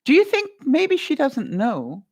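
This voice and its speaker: A woman's voice: sits high, huge pitch swings, unhurried. A woman vlogger chatting live with her viewers, giving advice and calling them honey and by their names, in a rambling way with asides. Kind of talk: live-stream advice chat.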